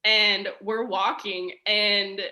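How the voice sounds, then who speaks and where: A woman's voice: mid-range voice, level tone, very slow, sharp tone, roomy sound. A young woman, a podcast guest, telling a personal story in a chatty, casual way, peppering her speech with "like".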